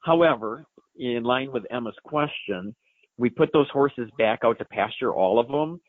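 A man's voice: medium pitch, expressive, moderate pace, no echo. A man in his forties, an expert answering a listener's question on a live show, talking in a folksy, explanatory way with plenty of fillers. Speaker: equine science expert. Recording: dry, phone-like line.

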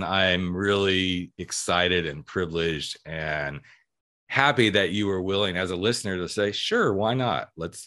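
A man's voice: low voice, bright, forceful tone. A man from California in his forties hosting a podcast, earnest and chatty with rambling asides. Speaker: podcast host. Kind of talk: casual podcast chat.

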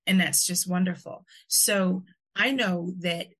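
A woman's voice: fairly low pitch, steady tone, takes it slowly, fairly bright tone. A woman hosting a podcast interview, affirming her guest with frequent short agreements. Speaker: podcast host. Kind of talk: conversational interview.

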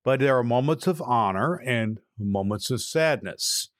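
A man's voice: medium pitch, expressive, a little slow. An earnest man in his sixties, a retired pastor, hosts a podcast and tells stories in a mid-range voice. He often breaks off and restarts his sentences. The sound is dry, with no room echo. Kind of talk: casual podcast monologue.

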